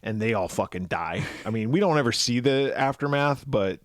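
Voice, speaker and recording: A man co-hosting a podcast, retelling a movie plot in casual chat, swearing freely and dropping quick voiced asides. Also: mid-range voice, animated, no echo, studio quality. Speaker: podcast co-host.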